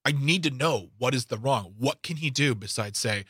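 Man, talk radio co-host, sarcastic, stumbling restarts, bright tone, dry studio sound. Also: mid-range voice, animated, moderate pace, husky, no echo. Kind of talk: casual opinionated radio chat. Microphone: studio microphone.

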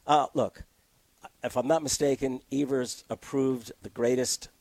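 A man's voice: medium pitch, dry recording. A man arguing his case with energy in a casual political discussion, close to a studio mic. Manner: animated, argumentative, quick to laugh. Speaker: political commentator guest.

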